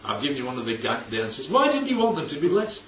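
Talking fast with huge swings in pitch, this slightly high-voiced man preaches in a loose, conversational way, repeatedly asking his listeners rhetorical questions. The sound comes from a far-off, dull microphone in a reverberant hall, and there's a little hiss or hum.

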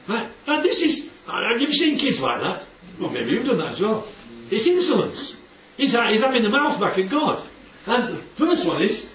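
A man with a very high, very animated voice that sounds pushed and bright gives an unhurried, informal Bible teaching, often questioning the group and checking they keep up. It's captured in a distant, dull, roomy recording with faint noise.

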